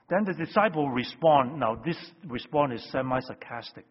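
A man with a fairly high, husky voice preaches a sermon, pressing hard on key words and then sinking to a hush. The sound is dull and lo-fi, with a long reverb trailing off the walls of a big hall. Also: expressive, a little fast, hardly any pauses. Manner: emphatic, swings between loud stresses and hushed phrases. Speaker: pastor.

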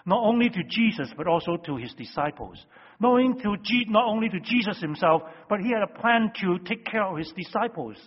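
Husky-voiced pastor preaching in a reverberant hall. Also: male voice, high-pitched, animated, fairly quick. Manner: emphatic, swings between loud stresses and hushed phrases. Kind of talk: sermon. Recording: dull lo-fi sound with long hall reverb.

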